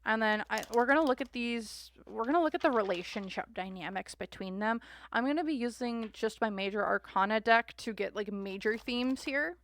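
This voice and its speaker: A woman's voice: a little high, normal speed, fairly bright tone. A young woman, reading tarot cards casually to camera and acting out imagined quotes with casual swearing. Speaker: tarot reader.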